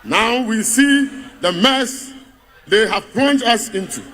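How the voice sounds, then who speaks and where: A man's voice: high voice, lively intonation, slow, bright, forceful tone, a little hiss or hum. A man with a Ghanaian accent delivering a mocking political speech to a party congress, building up rhetorical refrains. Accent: Ghanaian English.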